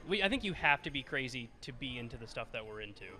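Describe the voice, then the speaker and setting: A man from Michigan hosting a casual interview, relaxed and agreeable, asking loose, rambling questions. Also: mid-range voice, fast, slight background noise.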